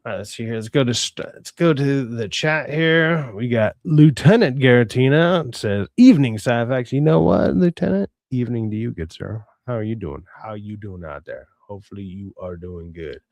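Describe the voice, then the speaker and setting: A man's voice: mid-range voice, lively intonation, normal speed, few pauses, no room sound, studio quality. A young adult man hosting a livestream, ranting in a profane, exasperated way with many stammered restarts, and reading out chat messages. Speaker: streamer host reading chat. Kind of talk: casual livestream rant.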